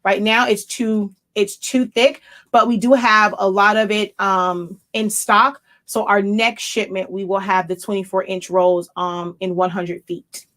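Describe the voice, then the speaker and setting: A middle-aged woman who owns a small printing business chats casually while she works through a live craft demo. She thinks out loud and corrects herself mid-sentence. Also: medium pitch, little pitch movement, measured pace. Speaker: small business owner demonstrating sublimation printing.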